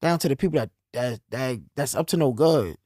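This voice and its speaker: A young man telling stories in casual conversation, swinging between low, quiet stretches and loud bursts. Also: brisk, no echo, studio quality. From New York. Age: young adult. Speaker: podcast guest telling his story.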